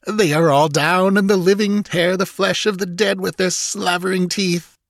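Man voicing a high, gloating scheming priest. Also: fairly even intonation, moderate pace, gravelly, dry recording, clean studio sound. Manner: gloating, later nervous and gasping. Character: scheming, cunning middle-aged male priest.

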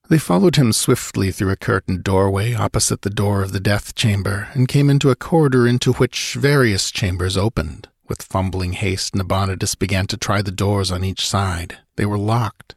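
Man narrating a storybook: low, husky voice, dry close sound. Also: moderate pace, hardly any pauses, dry recording. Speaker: audiobook narrator. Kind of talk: scripted narration.

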